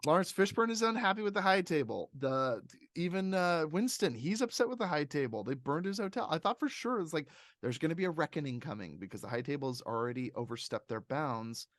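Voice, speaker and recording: A man hosting a podcast, chatting casually and reviewing a movie in a rambling, animated way, often laughing. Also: on the high side, a little fast, dry recording, studio quality. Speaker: podcast host.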